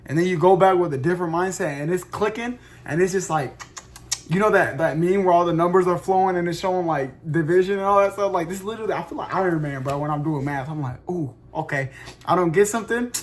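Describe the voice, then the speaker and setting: Young guy streamer rambling on, slangy n sweary, kinda high voice, yells out of nowhere. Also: fast. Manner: animated, rambling, slangy, swears a lot, bursts into loud shouts and laughs. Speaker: streamer telling a story. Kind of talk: casual storytelling monologue.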